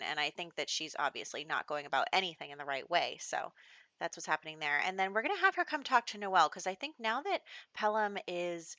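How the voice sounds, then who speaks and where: Chatty woman with a bright, low-set voice. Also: very animated, fairly quick, dry recording. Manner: chatty, laughs often, acts out characters' lines. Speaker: gameplay host. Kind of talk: casual gameplay commentary. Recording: dull, dry lo-fi recording.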